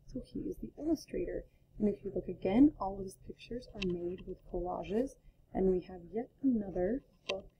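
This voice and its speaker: A woman teacher reading a picture book aloud to her class, explaining gently and sometimes dropping almost to a whisper. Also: medium pitch, background noise. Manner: gentle, explaining to children, drops to a near whisper.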